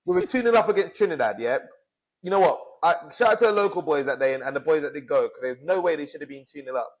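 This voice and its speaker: A man tears through an angry rant at a rapid clip. His voice sits notably high, and he curses freely and keeps pushing his point as a podcast co-host. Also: animated. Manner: angry, swearing, fired up. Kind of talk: heated casual rant.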